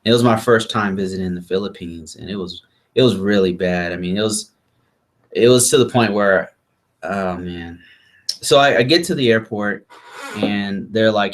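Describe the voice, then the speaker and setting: Low-voiced man telling an animated story. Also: moderate pace. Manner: animated, acts out quotes of others. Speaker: vlog host. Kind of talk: casual storytelling chat.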